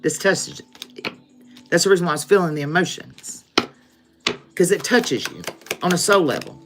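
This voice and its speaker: A woman's voice: on the low side, moderate pace, music in the background. A woman giving a live-stream tarot reading, addressing her viewers as "collective" and checking in with "okay?" often. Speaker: tarot reader.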